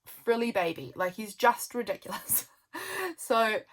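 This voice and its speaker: A junk journal vlogger with a medium-pitched voice talks a little slowly as she flips through her journal, sounding worn out after a long filming session. She rambles casually, filling the gaps with lots of "um" and "like" and soft laughs.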